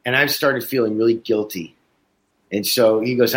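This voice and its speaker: A man's voice: lowish voice, moderate pace. A man in casual conversation as a host, telling anecdotes and acting out the other people's voices. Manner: animated storyteller, acts out voices in anecdotes. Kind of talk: casual chat. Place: Chicago, USA.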